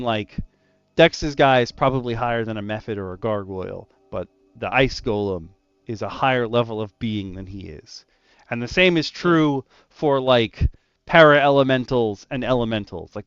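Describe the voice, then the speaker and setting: A man's voice: mid-range voice, moderate pace, clean tone, no echo, muffled recording. A man who is a dungeon master, casually recounting a tabletop session and acting out his players' voices. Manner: animated storyteller, acts out his players' voices. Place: online voice call. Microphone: gaming headset.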